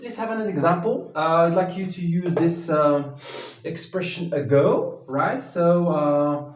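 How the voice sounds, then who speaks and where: A man teaching an English grammar lesson at a whiteboard, talking slowly and haltingly, with many fillers and restarts. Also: on the high side, recorded from a distance. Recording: echoey room, voice from off the mic.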